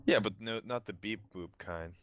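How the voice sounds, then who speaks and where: Goofy low-voiced man playing a tabletop game. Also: normal speed, smooth. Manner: goofy, laughing, crude jokes. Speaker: player. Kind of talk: casual tabletop play.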